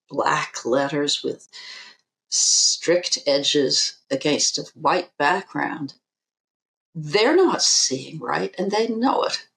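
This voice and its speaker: A woman, an eye surgeon on a podcast interview, speaking in a measured, emphatic way and repeating her key figures. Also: sits low, fairly bright tone.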